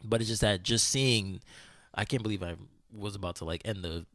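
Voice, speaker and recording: A man hosting a podcast, telling a story in casual chat, animated, full of "like" and swearing freely. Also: on the low side, normal speed, no room sound. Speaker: podcast host.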